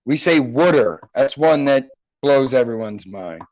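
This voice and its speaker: A man's voice: mid-range voice, animated, unhurried, a little mellow, dry recording, lo-fi sound. A man with a Philadelphia accent hosting a casual, profane, joking chat show from home. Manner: jokey, profane, slips into mock accents. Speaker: podcast host. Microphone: computer mic.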